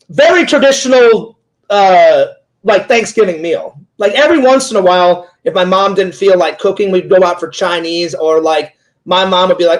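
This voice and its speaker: A man's voice: high voice, moderate pace. A talkative man interviewing a fellow streamer in casual chat, rambling through stories with many "like"s and "he goes"s.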